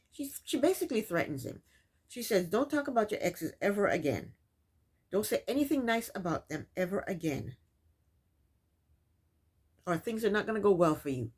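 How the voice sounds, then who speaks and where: A woman with a lowish, husky voice hosts a casual reality-show recap, retelling what happened in her own words. She's sassy about it, scolding the people on screen.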